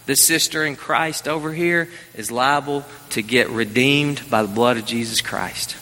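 A male pastor preaching a sermon in a church, with lively emphasis that climbs higher as he drives each point home. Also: unhurried, long reverb tail. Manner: animated preaching, rising in pitch on emphasis. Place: church sanctuary.

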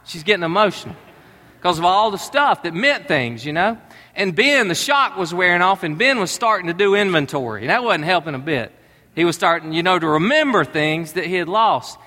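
Bright-voiced preacher, echoing hall. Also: male voice, high-pitched, expressive, a little fast. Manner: conversational, storytelling preacher. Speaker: pastor. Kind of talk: sermon.

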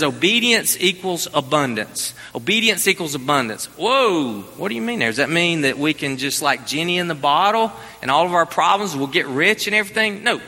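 A male pastor preaching a sermon in a church, with lively emphasis that climbs higher as he drives each point home. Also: in a large hall. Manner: animated preaching, rising in pitch on emphasis. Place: church sanctuary.

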